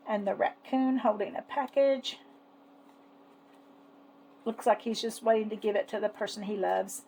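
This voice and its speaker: Chatty woman with a gravelly voice. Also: mid-range voice, darkish tone, a little hiss or hum, poor audio. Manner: chatty and fond, many fillers like "uh". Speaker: savings challenge seller and vlogger. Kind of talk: casual product show-and-tell.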